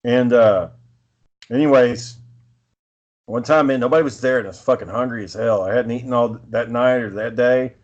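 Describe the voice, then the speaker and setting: A man of middle pitch spins a loose, swearing story in an easygoing chat. The sound is a bit dull and lo-fi. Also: normal speed, darkish tone. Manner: profane, rambling, laid-back. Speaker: podcast co-host.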